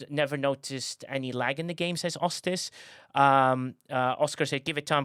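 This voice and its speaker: Casual male stream host, wry and joking, slightly high voice, dry close sound. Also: fairly bright tone, smooth, dry recording. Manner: joking, sarcastic, reads chat aloud. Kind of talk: casual live-stream chat.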